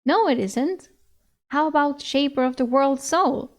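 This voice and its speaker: A woman's voice: high voice, a little slow, voice pushed up. A woman voicing an earnest, literal-minded male dog in a novel she reads aloud, speaking bluntly and matter-of-factly. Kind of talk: reading a novel aloud with voices.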